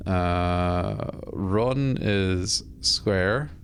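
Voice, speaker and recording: A man's voice: sits low, extremely slow, a little hiss or hum. A man casually chatting on a live stream while playing a game, rambling, self-deprecating and swearing offhand.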